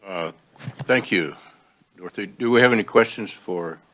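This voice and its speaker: A man runs a legislative committee hearing in an easygoing, procedural way. His voice is fairly low, and he fills pauses with small fillers. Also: a bit bright. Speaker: committee chair.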